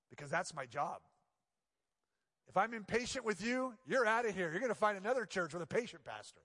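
A pastor preaching in a reverberant hall, his voice sitting a little high for a man. He keeps it chatty and playful, then sinks into hushed, earnest passages. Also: lively intonation, moderate pace, long pauses. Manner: conversational and playful, dropping to quiet earnest tones. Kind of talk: sermon.

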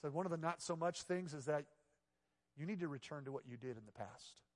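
A man preaching a sermon from the pulpit, his voice sitting a little high for a man. He shifts from quiet, close passages into loud, emphatic outbursts. The sound carries a long reverb tail from a large church sanctuary. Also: fairly quick. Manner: swings between hushed, intimate passages and loud, emphatic exclamations. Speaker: pastor.

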